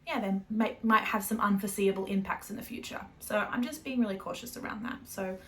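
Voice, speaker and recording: A woman's voice: medium pitch, steady tone, brisk, a bit bright, a little hiss or hum. Young Australian woman, casual knit-and-chat host, chatty and self-correcting. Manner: chatty, rambling, self-correcting, laughs often. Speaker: knitting podcast host.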